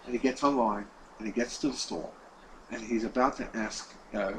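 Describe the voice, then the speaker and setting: A man teaching a class as a rabbi, telling a story with lively delivery, repeating words and acting out the quoted lines. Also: mid-range voice, normal speed, background noise. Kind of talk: storytelling lesson.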